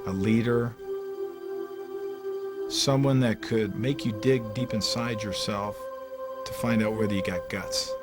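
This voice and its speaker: An older man, a former player, recounting his memories in an interview with animated, halting delivery and many fillers. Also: on the low side, loud music behind the voice. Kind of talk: interview storytelling.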